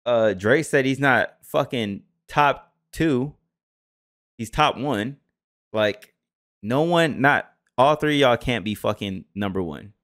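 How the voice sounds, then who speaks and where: Man, blunt trash talk, casual reaction show co-host, middle pitch. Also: expressive, takes it slowly, no echo, clean studio sound. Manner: blunt, profane, trails off quietly. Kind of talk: casual profane reaction chat.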